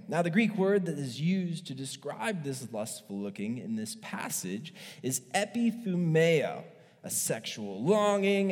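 A male pastor preaching a sermon in an animated, joking way, acting out stories as he goes. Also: on the high side, in a large hall.

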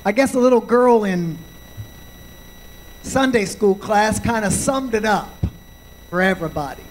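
Slow high-voiced male preacher. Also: animated, a little hiss or hum, rough recording. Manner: slow, deliberate preaching with frequent amens. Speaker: pastor. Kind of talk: sermon.

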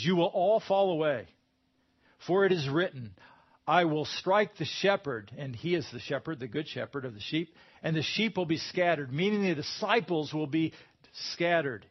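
A man preaching a sermon, his voice a little higher than most men's. He talks to his listeners in a conversational, searching way and grows emphatic when he quotes scripture. The sound is somewhat dull and lo-fi. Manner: conversational, rises to emphatic bursts when quoting.

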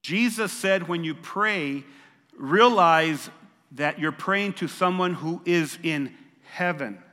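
A man's voice: on the high side, slow, pushed and bright. An older man preaching a sermon as pastor, emphatic and repeating phrases for stress. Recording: long reverb of a large hall.

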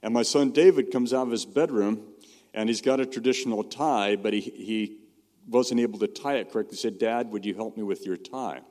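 A middle-aged man preaches a sermon in a low voice, relaxed and conversational as he tells stories. On his key points he drops to a soft, hushed tone. His voice rings with the long reverb of a large hall. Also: fairly quick. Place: church or meeting hall.

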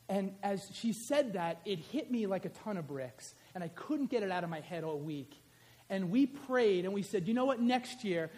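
A middle-aged man, pastor and teacher, preaching a sermon in a small church, talking straight to his congregation and telling a personal story. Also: sits high. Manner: animated, conversational, addresses congregation directly. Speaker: pastor and high school teacher.

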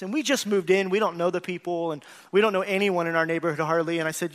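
A pastor preaching a sermon to his congregation, earnest, swelling into emphatic bursts and dropping to quiet, confiding asides, calling out to the church. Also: sits high, steady tone, fast, few pauses. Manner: calls out to the congregation.

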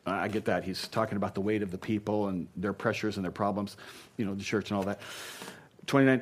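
A man preaching a sermon as pastor, playful and animated, swinging from loud asides to quiet earnest talk. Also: on the low side, fast.

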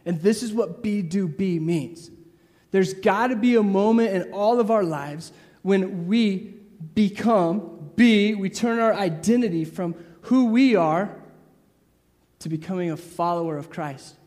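A man preaching a sermon in a lively, casual way, acting out the voices of the people he talks about. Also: high-pitched, a little slow, big-room sound. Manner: lively, acts out crowd voices, casual asides.

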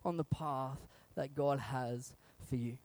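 A pastor preaching a conversational sermon, animated and chuckling often. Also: medium pitch, slow pace, no echo.

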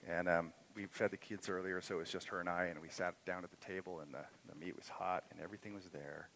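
Bright-voiced middle-aged male pastor preaching. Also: deep voice, steady tone, quick pace, a little hiss or hum, poor audio. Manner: personal storytelling, rising to impassioned emphasis. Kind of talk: sermon. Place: church sanctuary.

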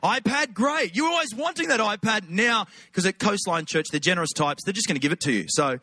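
A man's voice: sits high, lively intonation, a little fast, hardly any pauses, pushed and bright. A middle-aged Australian man giving a chatty, humorous sermon as a guest preacher. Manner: humorous, conversational, chatty asides.

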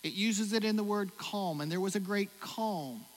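A man preaching a sermon as pastor, swinging between loud exclamations and hushed reflection. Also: high-pitched, normal speed. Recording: hall reverb, faint noise.

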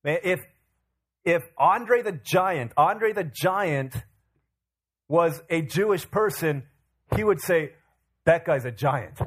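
Animated storytelling male pastor. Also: high voice, slow, long pauses. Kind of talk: sermon.

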